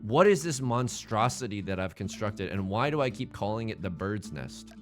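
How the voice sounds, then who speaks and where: A man streaming a building game live, thinking aloud in an excitable, joking way and swearing at his own designs. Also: on the low side, moderate pace, faint music behind. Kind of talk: live gameplay commentary.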